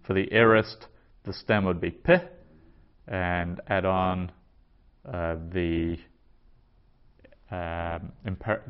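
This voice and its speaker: Slow, careful male Greek teacher. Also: sits low. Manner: slow, careful pronunciation with repetition. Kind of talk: vocabulary lesson. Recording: dull lo-fi recording.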